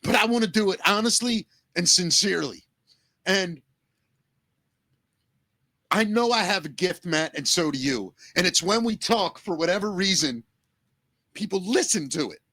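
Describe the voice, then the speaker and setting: A man co-hosting a podcast, speaking earnestly and emotionally, close to tears, with halting restarts and swearing. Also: sits high, lively intonation, sharp tone, no echo. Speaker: podcast co-host.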